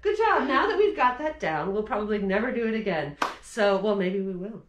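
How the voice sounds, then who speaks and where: A woman working as a children's librarian, reading a picture book aloud to children with animated delivery and frequent laughs. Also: mid-range voice, fairly quick, highs cut off, noisy background.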